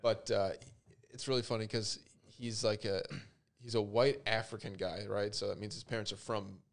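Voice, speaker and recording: A man talking as a podcast guest, telling a story in a relaxed way with casual slang. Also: fairly low pitch, normal speed, gravelly.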